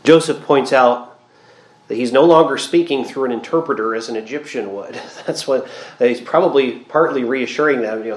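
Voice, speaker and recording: A man's voice: mid-range voice, normal speed. Man teaching Bible study in an echoey room. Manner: thoughtful, explanatory, reflective asides. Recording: roomy echo.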